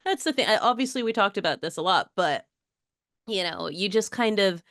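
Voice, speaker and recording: A woman co-hosting a casual podcast, chatty and quick to laugh. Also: medium pitch, animated, a bit bright, no room sound, studio quality. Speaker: podcast co-host.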